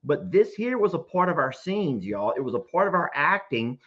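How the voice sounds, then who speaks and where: Guy hosting a live stream, lively up-and-down voice, kinda muffled lo-fi sound. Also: fairly high pitch, moderate pace. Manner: animated, laughing storyteller. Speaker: host. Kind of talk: casual livestream chat. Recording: dull lo-fi stream audio.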